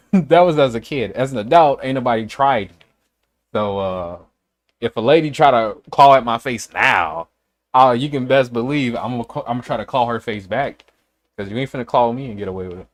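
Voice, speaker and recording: A man's voice: mid-range voice, animated, moderate pace. Blunt, profane male livestreamer. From Chicago. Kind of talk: casual livestream chat.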